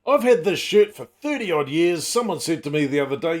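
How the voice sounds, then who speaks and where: A middle-aged man hosts his casual comedy vlog channel in a slightly high, sing-song voice at a brisk clip. His talk is full of wry, self-mocking asides and teasing jokes.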